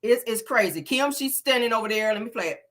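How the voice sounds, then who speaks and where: A woman's voice: on the high side, expressive, fast talker, a bit bright. A woman hosting a celebrity gossip show, talking in a chatty, exasperated, slangy way. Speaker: show host.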